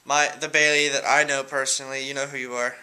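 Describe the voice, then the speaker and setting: A teenage guy rambling through shout-outs in a casual vlog at home, giggling and hesitant. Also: mid-range voice, little pitch movement, quick pace, a little hiss or hum. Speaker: vlogger. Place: room at home.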